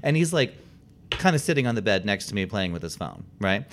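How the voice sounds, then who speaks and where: A man's voice: on the low side, very animated, fairly quick. A man telling a personal story in casual chat, theatrical and laughing often as he goes. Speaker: guest storyteller.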